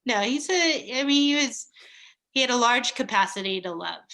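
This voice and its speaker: A woman in her thirties talking slowly and reflectively in a casual, heartfelt chat, pausing and laughing softly. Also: a little high, expressive. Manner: slow, reflective, with soft laughs and pauses. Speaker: guest.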